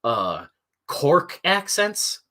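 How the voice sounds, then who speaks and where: With a fairly high, sharp-toned voice that swings widely in pitch, a male stream host talks extremely slowly. He hosts a rambling, casual morning chat, peppering it with "uh" and the occasional swear word.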